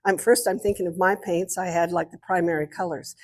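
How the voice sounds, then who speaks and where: An older woman and guest artist speaking to an art club, telling lively stories and showing objects as she talks. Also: fairly low pitch, a little fast. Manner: lively storyteller, showing objects while talking. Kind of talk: storytelling talk to an art club.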